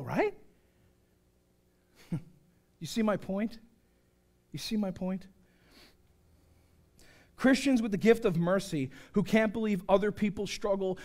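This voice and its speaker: Male pastor, sermon, very high voice, joking, loud then hushed. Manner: animated, joking, swinging from shouts to hushed asides. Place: church sanctuary.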